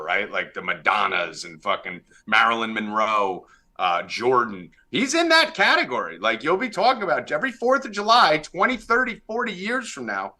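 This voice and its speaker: Lively, bright-voiced male podcast host. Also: medium pitch. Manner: brash, profane, teasing. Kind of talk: casual sports betting chat.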